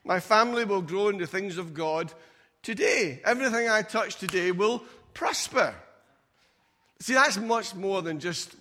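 A man's voice: high-pitched, measured pace, pushed and bright. A man preaching a sermon in a church, conversational, acting out doubters in mocking asides. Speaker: pastor. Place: church auditorium. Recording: long hall reverb.

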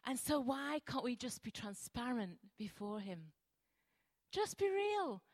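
Animated, high-voiced older woman preaching. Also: unhurried, no room sound. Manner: animated and emphatic, repeats short phrases. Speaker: guest preacher. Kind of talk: sermon. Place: church.

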